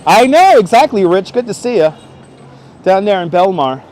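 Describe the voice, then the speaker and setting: Chatty high-voiced man streaming outdoors. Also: very animated, normal speed, darkish tone, soft background music. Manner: chatty, joking, greets viewers by name. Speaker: live-streamer. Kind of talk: casual live-stream chat. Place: outdoors on city streets. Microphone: wireless clip-on mic.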